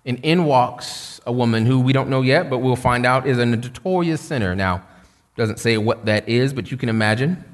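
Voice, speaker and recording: A man's voice: mid-range voice, moderate pace, in a large hall. A man preaching a sermon in a conversational, storytelling way with touches of humor. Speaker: pastor.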